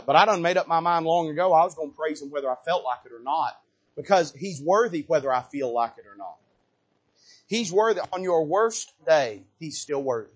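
A man preaching a sermon from a church pulpit, folksy and repetitive, building to shouts and then dropping low. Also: slightly rough. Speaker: pastor. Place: church sanctuary.

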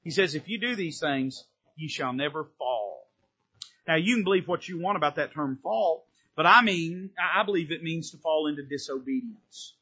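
A pastor preaching a fervent sermon from the pulpit, pushing harder on key points in a folksy style. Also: male voice, high-pitched, sharp tone, slightly rough. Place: church sanctuary from the pulpit. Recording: dull, lo-fi sermon recording.

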